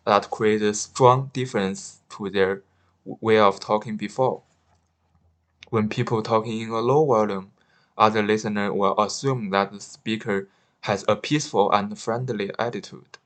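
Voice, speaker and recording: Halting lowish-voiced man reading a study. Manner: careful, slightly halting, with restarts. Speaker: student presenter. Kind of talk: read-aloud class presentation.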